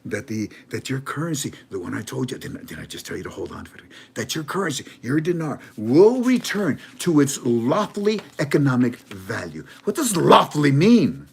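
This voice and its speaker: A man giving an animated commentary monologue in a dramatic, emphatic way, with many stammering restarts. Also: mid-range voice, a little fast, vocal fry, few pauses, breathy edge. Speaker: online currency commentator.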